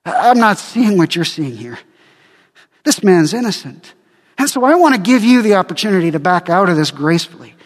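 A man's voice: high voice, very animated, moderate pace. A man preaching who voices an exasperated, scornful Roman governor, heard in a reverberant hall. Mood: coaxing.

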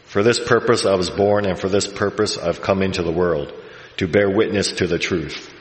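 A man reading scripture voices a calm, solemn prisoner with measured, grave delivery. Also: deep voice, pitched below the performer's own voice, natural voice. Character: calm, solemn prisoner claiming a heavenly kingdom. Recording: echoey hall, long reverb.

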